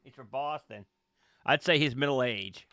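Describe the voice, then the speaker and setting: A man's voice: medium pitch, moderate pace, pushed and bright, no echo, clean studio sound. A man running a tabletop game as game master, narrating and joking with players. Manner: joking, conversational.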